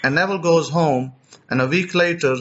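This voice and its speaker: Storytelling preacher man, fairly high voice. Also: normal speed, dull audio. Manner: animated retelling, repeats and restarts words. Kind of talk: storytelling teaching.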